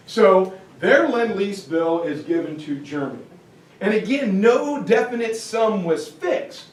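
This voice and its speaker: A male history teacher giving a jokey, animated lecture. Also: high-pitched, measured pace. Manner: animated, joking, slips into comic voices. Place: classroom or hall. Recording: echoey room, far from mic, faint hiss.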